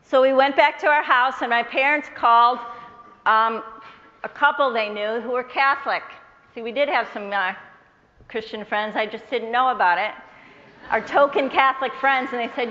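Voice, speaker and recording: A woman's voice: a little high, dull audio. Earnest woman telling her testimony in a hall. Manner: earnest, measured storyteller who quotes others in her tale. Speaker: speaker sharing a personal faith testimony. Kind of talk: personal testimony storytelling to an audience.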